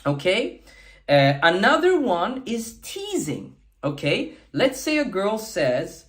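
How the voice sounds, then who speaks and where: An emphatic man gives dating advice straight to camera. His pitch swings widely as he punches key words. He keeps checking in with a quick "okay?" and slips into little acted-out lines. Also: wildly swooping pitch. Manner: emphatic, repeats "okay?" often; acts out sample lines in varied tones. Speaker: dating coach. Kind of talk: talking-head coaching video.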